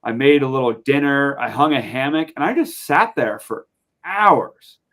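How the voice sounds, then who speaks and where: A man's voice: medium pitch, moderate pace. Chatty young man telling a story. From Montana, USA. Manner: animated, chatty, lots of fillers. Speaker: podcast guest. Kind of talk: casual storytelling.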